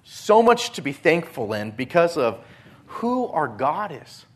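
A man preaching a sermon, earnest, swinging between forceful emphasis and hushed softness, often repeating words as he restarts phrases. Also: fairly high pitch, sing-song, unhurried. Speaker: pastor.

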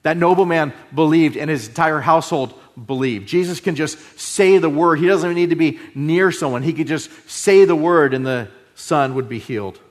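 A man preaching a sermon, moving between loud emphasis and hushed, drawn-out phrases. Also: a little high. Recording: long hall reverb.

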